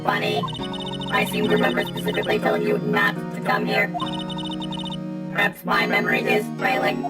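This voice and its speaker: A woman's voice: rumbling low, moderate pace, reverberant, recorded from a distance, loud music behind the voice, full character voice. Text-to-speech reading a cold robotic prosecutor woman. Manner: flat, clipped, dismissive.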